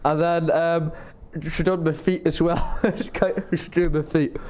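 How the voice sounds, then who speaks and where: A fairly high-voiced man chats on a podcast. He rambles through his stories, stumbling over his words and laughing as he goes. There is a faint hiss behind him. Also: level tone, a little slow. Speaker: podcast guest. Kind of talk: casual storytelling.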